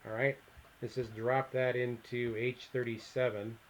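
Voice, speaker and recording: Man muttering through a software tutorial. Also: medium pitch, little pitch movement, unhurried, slight background noise, poor audio. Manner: thinks aloud, mutters asides while clicking. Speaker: instructor. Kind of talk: screen-recorded software tutorial.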